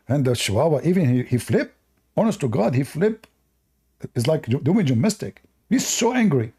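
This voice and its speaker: A man hosting a live-stream debate, talking in a mocking, animated way with loose, non-native English phrasing. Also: on the high side, moderate pace, breathy edge.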